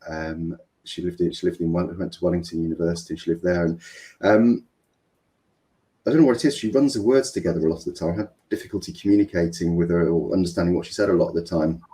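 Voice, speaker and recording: A man's voice: low-pitched, fairly even intonation, quick pace, warm tone. A middle-aged man with a Mancunian accent, a guest in an interview, talking in a rambling, hesitant way with many ums and restarts. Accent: Mancunian English. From England. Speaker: business coach, guest. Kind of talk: interview conversation.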